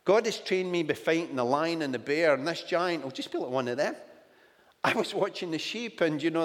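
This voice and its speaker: A man's voice: high voice, lightly acted. A fearless young shepherd boy speaks up eagerly and cheekily, voiced by a preacher. His tone is brash and full of confidence. A long hall reverb hangs on every word.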